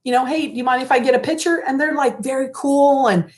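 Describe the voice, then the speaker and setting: A woman co-hosting a relaxed live stream chat. Her voice sits fairly high, and she tells stories with plenty of animation, playing out what people said. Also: quick pace. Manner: animated storyteller, acts out quotes loudly. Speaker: co-host. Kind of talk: casual chat.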